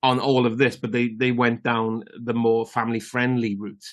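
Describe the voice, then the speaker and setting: A man co-hosting a film podcast, retelling scenes quickly and enthusiastically in casual chat. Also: mid-range voice, little pitch movement. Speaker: podcast co-host.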